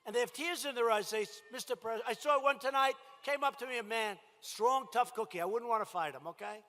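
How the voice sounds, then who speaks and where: A man delivers a campaign rally speech in a big indoor venue. His voice sits high and comes out forceful and sharp. He talks in short, emphatic bursts and keeps circling back to the same lines. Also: a little fast. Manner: emphatic, repetitive, punchy phrasing. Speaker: politician addressing a rally.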